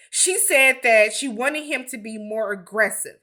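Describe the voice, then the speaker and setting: A woman hosting a casual reality TV recap, with blunt, animated commentary and slangy asides. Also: on the high side, a little slow, hardly any pauses. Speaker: TV recap host.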